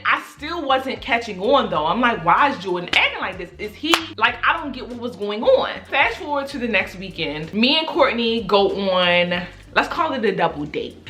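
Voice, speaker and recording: A woman in her twenties telling a casual storytime on camera, acting out her friends' lines with lots of "like" and swearing. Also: medium pitch. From Baltimore. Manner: animated, acts out quoted friends, frequent "like" and cursing. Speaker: storytime vlogger. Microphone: camera mic.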